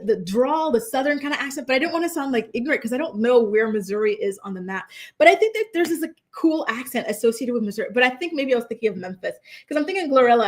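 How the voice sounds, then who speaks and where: A young woman hosting a casual pop culture chat, reading viewer comments aloud and rambling through animated asides. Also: on the high side.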